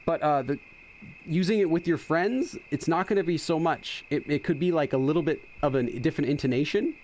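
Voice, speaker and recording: A man's voice: on the high side, fairly quick, darkish tone, a little hiss or hum. A middle-aged man hosting a casual game playthrough, chatty and explaining as he goes. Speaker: gaming channel host. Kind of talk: casual let's-play commentary.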